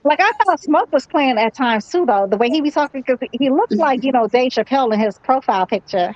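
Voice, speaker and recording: Woman panelist, rapid and chatty, dry lo-fi chat audio. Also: high-pitched, lively intonation, darkish tone, no room sound. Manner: chatty, slangy, profane. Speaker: panelist on an online boxing chat. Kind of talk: casual group chat.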